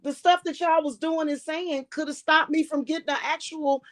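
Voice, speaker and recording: A woman's voice: high voice, fairly even intonation, normal speed, dry recording. A woman hosting a casual livestream as a spiritual reader, telling stories in a blunt, profane and emphatic way.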